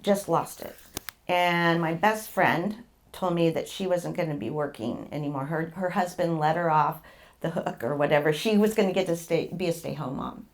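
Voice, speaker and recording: A woman's voice: deep voice, normal speed. A middle-aged woman, telling her own story as a patient guest, rambling, repeating words and laughing as she goes. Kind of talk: candid personal storytelling.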